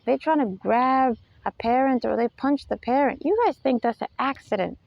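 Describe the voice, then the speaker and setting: A woman with a somewhat high, gravelly voice gives an unscripted spiritual lecture. She talks emphatically and keeps firing rhetorical questions at her listeners. The sound is dry and dull, a lo-fi recording. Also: normal speed, no room sound. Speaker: spiritual talk host.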